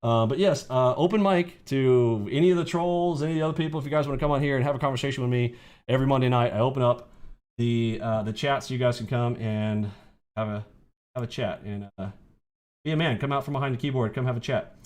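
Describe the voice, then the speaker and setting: Cocky guy hosting a trading stream, mid pitch, rambles and mocks trolls. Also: fast talker, a little mellow. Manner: brash, mocking, rambling. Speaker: trading mentor and show host. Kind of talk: casual livestream talk.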